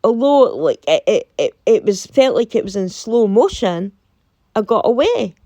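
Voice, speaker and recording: A woman's voice: mid-range voice, unhurried, no room sound. A woman with a Scottish accent, casually telling a storytime tale and acting out both sides of a conversation. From Scotland. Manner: animated, quotes herself and her friend in dialogue.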